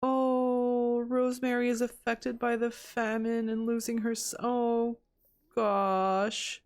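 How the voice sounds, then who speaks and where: A woman with a slightly high voice talks through her gameplay in a relaxed, chatty way. She narrates as she goes and reacts out loud with surprise and sympathy. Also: slow, clear, resonant tone. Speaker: gameplay commentator. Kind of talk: casual gameplay commentary.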